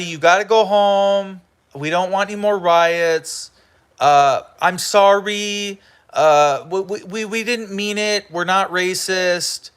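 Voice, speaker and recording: A man's voice: a little high, fairly bright tone. A man hosting a livestream, ranting heatedly with profanity and lots of repetition. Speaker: livestream host.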